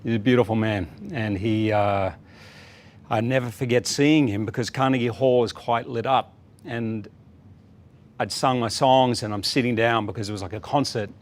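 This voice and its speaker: A middle-aged man, a talk-show guest, telling a story in a relaxed, animated way and acting out the people he quotes. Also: medium pitch, a little hiss or hum. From Australia. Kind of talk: casual talk-show anecdote.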